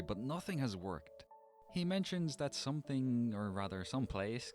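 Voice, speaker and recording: A man reading a scripted gameplay narration with a wry, dry sense of humor. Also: lowish voice.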